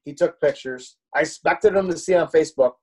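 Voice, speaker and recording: A man's voice: fairly high pitch, fairly quick, husky. A man co-hosting a podcast, telling a rambling story in casual chat, swearing and laughing often. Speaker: podcast co-host.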